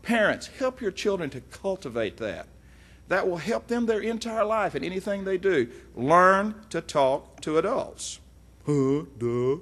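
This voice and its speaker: A middle-aged man, teaching from the Bible in a folksy, animated way with frequent asides. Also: high-pitched, measured pace, husky. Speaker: preacher.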